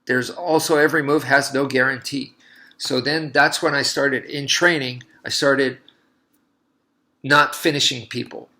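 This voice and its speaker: A man with a bright, forward voice at an ordinary middle pitch talks casually to the camera. He is a martial artist who rambles through a personal story and often circles back and restarts his sentences. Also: fairly even intonation, measured pace. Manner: loose and rambling, with many restarts.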